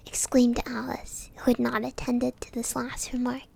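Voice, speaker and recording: High, husky whispering woman storyteller. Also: monotone, normal speed, dry recording. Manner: soft unvoiced whispering. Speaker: streamer reading a bedtime story. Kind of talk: whispered role-play.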